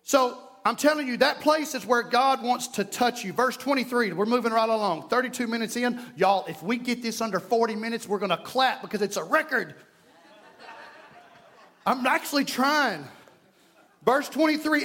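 A man preaching a sermon as pastor, moving between loud exhortation and quiet, hushed prayer. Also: very high voice, lively intonation, moderate pace. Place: church sanctuary. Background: congregation.

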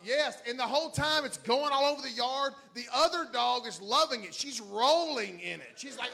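A middle-aged man, a pastor telling a story to his church in an excitable way, laughing and swinging from quiet asides to loud shouts. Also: very high voice, normal speed, vocal fry, few pauses.

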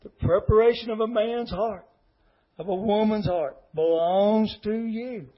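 A man's voice: high voice, measured pace, dull audio. A middle-aged man, an associate pastor giving an earnest, emotional testimony sermon. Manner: emotional, earnest, repetitive pleading.

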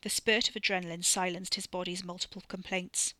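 Woman narrator, bright and crisp, steady measured read, dry studio sound. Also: lowish voice, dry recording. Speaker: audiobook narrator. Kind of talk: scripted narration.

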